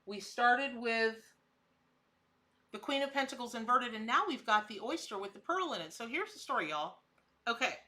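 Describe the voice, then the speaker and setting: Bright-voiced chatty woman tarot reader. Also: on the high side, normal speed. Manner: chatty, greets and answers viewers in chat by name; laughs often, with frequent restarts. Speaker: tarot reader hosting a live stream. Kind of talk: casual live-stream tarot reading.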